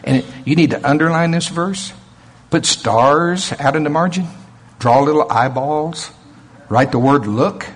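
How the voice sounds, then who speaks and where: A man's voice: on the high side, measured pace, husky. A man preaching a sermon, emphatic and chuckling often.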